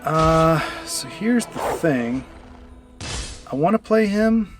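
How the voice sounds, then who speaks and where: Music runs in the background as this streamer plays his card game, speaking slowly in a slightly high, expressive voice. He chats loosely, thinks out loud, and frequently restarts or fills gaps.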